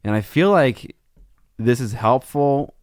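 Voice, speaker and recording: A man co-hosting a casual podcast, relaxed and chatty, with many fillers. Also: mid-range voice, takes it slowly, smooth, no room sound, studio quality. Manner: relaxed, chatty, filler-heavy with likes and ums. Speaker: podcast co-host.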